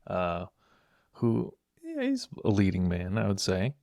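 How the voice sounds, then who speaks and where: A man with a lowish voice co-hosting a casual podcast. He explains at a measured pace, hedging and filling pauses with "uh" and "like." The sound is dry and close to the mic. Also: huge pitch swings, gravelly, mellow, no echo. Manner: hesitant, many fillers, explanatory. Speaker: podcast co-host. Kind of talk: casual chat.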